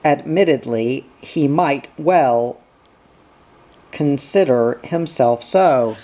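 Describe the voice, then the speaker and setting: Slow, measured reader for a first-person spy book, unhurried delivery. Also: medium pitch, mellow. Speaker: audiobook reader. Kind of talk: first-person book narration with character voices.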